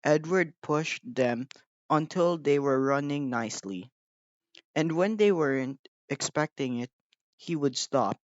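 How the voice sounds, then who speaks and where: A man reading a children's storybook aloud, slow and measured. His voice sits at a middling pitch and keeps an even, gentle delivery. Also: no echo, muffled recording. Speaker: audiobook reader. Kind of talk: storybook narration.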